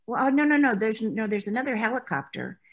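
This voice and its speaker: This woman talks fast in a higher-pitched voice with big swings in pitch. A former actress from the United States, she's the guest in a conversational interview, chatty and anecdotal, often breaking into laughter as she looks back on her acting.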